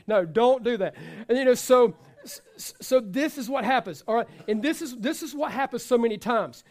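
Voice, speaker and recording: A man's voice: extremely high pitch, animated, fairly quick, hardly any pauses, darkish tone. A man preaching a sermon to his congregation, talking in a loose, conversational way with frequent repetitions and asides. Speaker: pastor.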